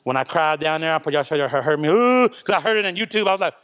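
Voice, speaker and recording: Guy sharing his testimony at church, kinda higher voice, earnest and chatty, keeps saying man. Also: lively intonation, quick pace, fairly bright tone, smooth. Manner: conversational, earnest, repeats himself, often adds "man". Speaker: church member giving testimony. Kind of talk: emotional spoken testimony to a congregation. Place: church service.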